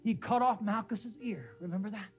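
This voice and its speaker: A man's voice: sits high, normal speed, husky. Male pastor preaching in church, emphatic, repeats himself a lot, asks the crowd questions, faint music under it. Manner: emphatic, repeats names and phrases. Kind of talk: sermon. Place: church sanctuary.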